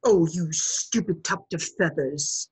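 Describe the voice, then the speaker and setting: A woman voicing a brave, sharp-tongued young male mongoose in a storybook reading, impatient and commanding. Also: mid-range voice, lively intonation, measured pace, slightly rough. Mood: scolding.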